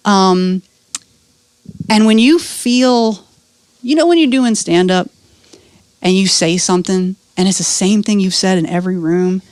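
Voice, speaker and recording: A woman who is a comedian and doula, telling life stories in a casual podcast chat, animated and profane, slipping into voices. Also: medium pitch, measured pace, long pauses, no room sound.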